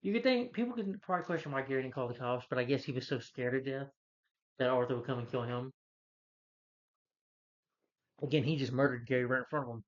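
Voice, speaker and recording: A film reviewer recaps a movie's plot casually and very fast, his medium-pitched voice full of fillers and restarts as he rambles. The audio is muffled.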